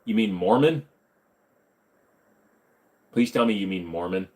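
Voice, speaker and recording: A man's voice: lowish voice, expressive, a little slow, a little mellow. Casual male streamer answering chat, jokey and rambling, voice rises and falls a lot. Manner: joking, rambling, self-correcting. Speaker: host. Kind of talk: casual livestream Q&A reading chat.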